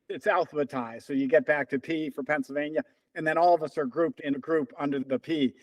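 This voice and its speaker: In a casual storytelling interview, a man of about seventy who used to be a runner animatedly recounts stories and acts out the lines of the people involved. His voice is on the high side, and the recording is dry and low quality.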